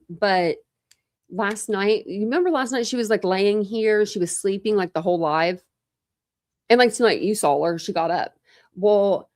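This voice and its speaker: A woman hosts a casual true crime livestream in a chatty, meandering way. She piles on fillers and restarts as she talks loosely to her viewers. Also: medium pitch. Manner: rambling, filler-heavy, chatty. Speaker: true crime channel host.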